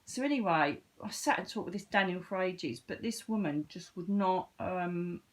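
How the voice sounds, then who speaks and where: A woman, a psychic medium chatting to camera in a casual, animated storytelling way. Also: fairly low pitch, moderate pace. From Britain. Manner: chatty and animated, with sudden lively lifts of voice.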